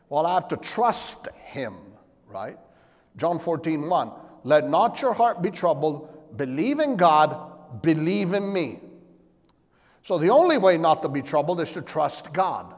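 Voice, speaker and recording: A man preaching a sermon as pastor, asking rhetorical questions and calling for amens. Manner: animated, shifting pitch and volume. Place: church sanctuary. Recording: long hall reverb.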